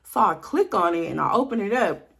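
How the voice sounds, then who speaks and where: Young woman spilling a storytime, super expressive voice going up and down, blunt, talks right to the viewers. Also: mid-range voice, brisk, gravelly, husky. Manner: animated, blunt, addresses viewers directly. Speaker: vlogger. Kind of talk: casual storytime.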